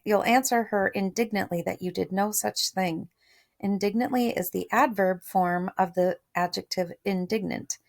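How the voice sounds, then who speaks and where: A woman's voice: medium pitch, vocal fry. A woman teacher reading a storybook aloud, chatty, stopping to explain words and share thoughts. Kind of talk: read-aloud lesson with commentary.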